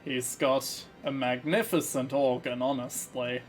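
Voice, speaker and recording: A man's voice: mid-range voice, fairly even intonation, a little slow, faint music behind. A man casually commentating his video game playthrough, musing through his moves with a slight frog in his throat. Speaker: let's play host.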